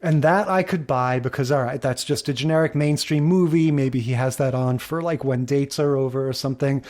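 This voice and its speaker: A man's voice: medium pitch, brisk, a little mellow. A man co-hosting a podcast in casual chat, musing and rambling with many asides. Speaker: podcast co-host.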